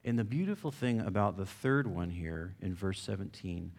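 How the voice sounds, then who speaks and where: A man's voice: sits low, lively intonation, normal speed, a little mellow. Casual man preaching a sermon. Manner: conversational, asks the audience questions, many fillers; reads a passage aloud with rising emphasis.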